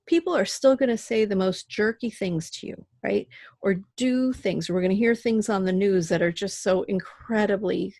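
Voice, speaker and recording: A middle-aged woman chats as a podcast guest, slipping into little acted voices as she tells her stories. Her voice sits at a middle pitch and is heard close and dry, with no room sound. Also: normal speed, no room sound. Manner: animated storyteller who acts out voices. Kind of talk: casual podcast conversation.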